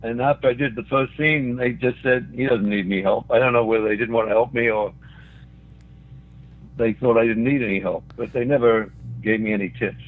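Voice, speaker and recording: A man's voice: medium pitch, fairly even intonation, fairly quick. An older man from Australia, a guest telling anecdotes with chuckles along the way. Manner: chuckles through his own stories. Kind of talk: anecdotal storytelling. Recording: tinny phone line.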